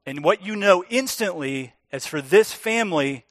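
A man preaching a sermon as pastor, earnest and emphatic, slowing down to stress key words. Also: high voice, animated, a bit bright, no room sound, clean studio sound.

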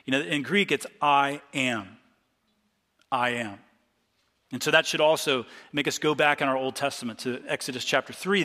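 A man's voice: mid-range voice, bright, forceful tone, long reverb tail. A male pastor from Ohio giving a conversational expository sermon, stopping often to restart his sentences and reading scripture aloud. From Ohio, USA.

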